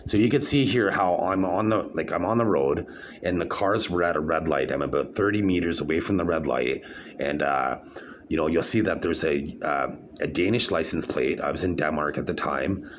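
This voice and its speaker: Deep-voiced man ranting to camera. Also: a little hiss or hum. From Canada. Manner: aggrieved, halting, many fillers and restarts. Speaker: vlogger. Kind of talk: rambling monologue to camera.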